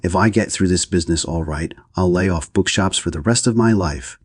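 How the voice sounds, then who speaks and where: A man's voice: low-pitched, fairly quick, husky, dry recording, clean studio sound. A man voicing a frightened, impatient young man who groans his words. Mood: fretful.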